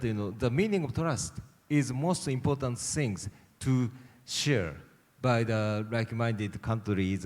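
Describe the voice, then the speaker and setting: Hesitant low-voiced male panelist. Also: darkish tone. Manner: hesitant, searching for words, many fillers. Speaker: panelist, government official. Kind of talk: answering a question on a panel. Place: conference hall. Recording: reverberant conference hall.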